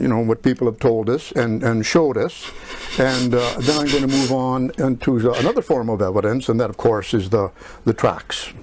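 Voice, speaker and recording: A man giving a presentation talk, measured and often hesitating with filler sounds. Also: medium pitch, darkish tone. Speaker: lecturer.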